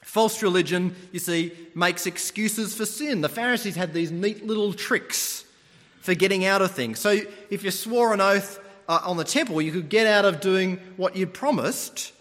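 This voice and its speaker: A man's voice: sits high, moderate pace. A man preaching a sermon, retelling stories and putting on voices as he goes. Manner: animated storytelling, mimics voices. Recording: long hall reverb.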